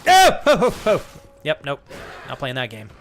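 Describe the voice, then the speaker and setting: A man's voice: on the high side, wildly swooping pitch, moderate pace, a bit bright, a little hiss or hum. A man live-streaming a game, joking crudely with chat and thanking viewers as he plays. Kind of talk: live gaming stream banter.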